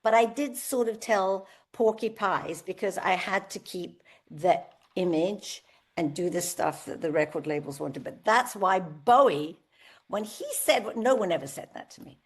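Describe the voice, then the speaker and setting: Unhurried and slightly rough, this mid-range voice belongs to a singer in her seventies appearing as a guest in a candid podcast interview. She's a vivid storyteller, performing the voices of those she quotes.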